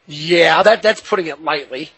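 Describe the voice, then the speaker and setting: A man hosting a wrestling radio show, wry and laughing in casual banter, with a husky voice. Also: a little high, normal speed, bright, forceful tone, no room sound. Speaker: host.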